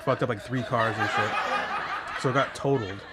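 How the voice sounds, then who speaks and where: A man hosting a podcast, telling a story in a relaxed, profane, casual way. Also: mid-range voice, fairly quick, very noisy. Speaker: podcast host. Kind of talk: casual chat.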